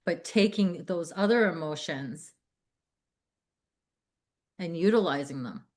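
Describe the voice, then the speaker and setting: Slow-talking woman telling a story. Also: fairly low pitch, expressive, darkish tone. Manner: acts out quoted dialogue, many fillers like "you know" and "like". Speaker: podcast guest. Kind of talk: casual conversational storytelling.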